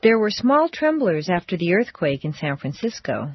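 A woman teaching English pronunciation, reading drill phrases slowly and deliberately with careful stress. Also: lowish voice, very animated, husky, no room sound, dull audio.

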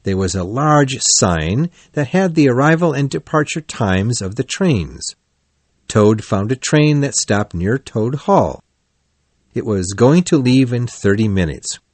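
Male storyteller with lively intonation. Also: medium pitch, measured pace, no echo. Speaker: narrator. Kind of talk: storybook reading.

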